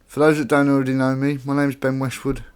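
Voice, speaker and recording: A man's voice: medium pitch, completely flat delivery, quick pace, clean tone. Male poet, mid-range voice, reads his own verse plainly and conversationally, chatty between poems. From Staffordshire, England. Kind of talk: poetry reading with spoken introductions.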